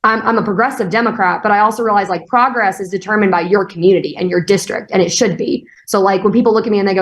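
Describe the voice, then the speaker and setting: A young woman talks quickly and earnestly as a guest in a political interview. She answers in long runs, often with fillers and restarts, and her pitch sits in an ordinary middle range. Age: young adult. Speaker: state party chair, guest.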